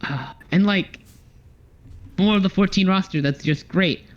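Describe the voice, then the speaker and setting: Excitable young man gushing on a podcast. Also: sits high, a little slow, dull audio. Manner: excited, swears often, acts out character lines. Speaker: podcast co-host. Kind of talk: casual chat.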